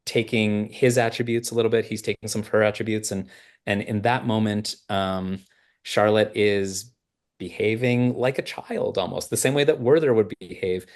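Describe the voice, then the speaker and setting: A man's voice: on the low side, fairly even intonation, moderate pace, a little mellow. A man from Canada, a film writer and director, chatting in an interview and telling stories with many fillers and restarts. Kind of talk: casual interview chat.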